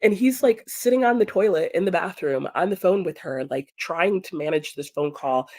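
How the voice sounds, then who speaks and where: A woman's voice: fairly low pitch, moderate pace. A young adult woman telling a long comic story in a casual way, acting out the voices of the people in it. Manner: animated, acts out quoted voices. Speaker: streamer hosting reading sprints.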